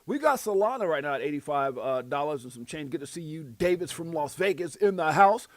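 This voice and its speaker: A man's voice: a little high, brisk, no room sound. Slangy crypto livestream host, a man. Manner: animated, slangy shout-outs to viewers. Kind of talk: casual livestream chat. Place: Las Vegas.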